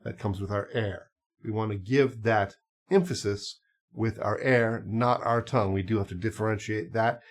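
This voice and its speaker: A man's voice: on the low side, normal speed. A man teaching clarinet, talking casually and explaining step by step with small asides and fillers. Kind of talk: casual instructional talk.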